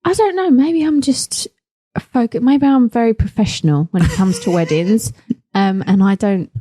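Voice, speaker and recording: A woman's voice: on the high side, moderate pace, dark tone, dry recording. A woman, co-hosting a podcast in a giggly, teasing way. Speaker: podcast co-host. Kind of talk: casual chat.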